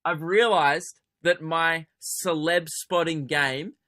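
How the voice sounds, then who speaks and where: A man's voice: on the high side, steady tone, takes it slowly, pushed and bright. A young Australian man hosting a comedy podcast, telling a sarcastic, sweary story. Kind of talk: comedic solo podcast rant.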